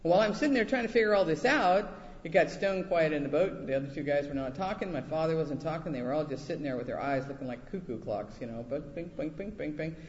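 A man preaching a sermon, telling a personal story and acting out quoted voices with lively pitch jumps. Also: quick pace. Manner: animated, acts out quotes in high voices. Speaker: pastor. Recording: echoey hall, dull lo-fi sound.

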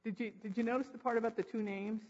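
A male pastor preaching a sermon to his congregation, jokey and animated, quizzing listeners with rhetorical questions and raising his voice for emphasis. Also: high voice, fast talker. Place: church sanctuary. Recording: long reverb, dull lo-fi sound.

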